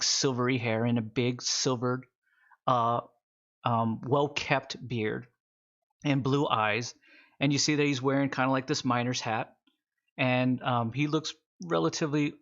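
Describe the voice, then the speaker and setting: A man's voice: mid-range voice, a bit bright, dull audio. A man narrating a tabletop game as game master, describing scenes in a loose, rambling way.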